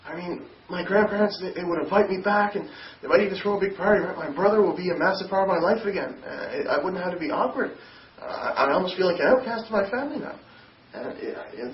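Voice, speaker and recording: A young man from Newfoundland, Canada, with a high voice, gives personal testimony about his conversion as an interviewee. He speaks haltingly, often repeating and restarting words, in a distant, echoey, dull recording with faint noise.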